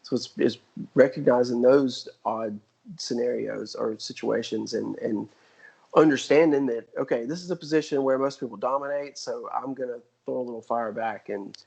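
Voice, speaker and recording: A man's voice: mid-range voice, vocal fry, darkish tone, breathy edge, rough recording. A man in his forties, a guest on a podcast, talking casually with lots of fillers and restarts. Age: 40s. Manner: halting, with many fillers and restarts. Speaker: guest athlete. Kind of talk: casual interview chat.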